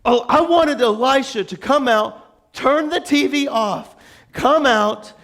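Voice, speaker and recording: A man's voice: extremely high pitch, takes it slowly, fairly bright tone, pitched above the performer's own voice, full character voice. A man preaching, putting on the voice of a proud, angry foreign general who feels insulted and rants indignantly. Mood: mocking. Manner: indignant, ranting, scoffing. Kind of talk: sermon storytelling.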